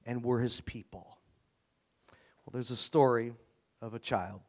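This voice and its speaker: A middle-aged man delivers a sermon in a medium-pitched voice, telling personal stories and acting out dialogue with lively energy. He shifts between punchy punchlines and quieter, earnest moments as he speaks to a congregation. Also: a little slow. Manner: storytelling, animated, acts out dialogue. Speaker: guest preacher.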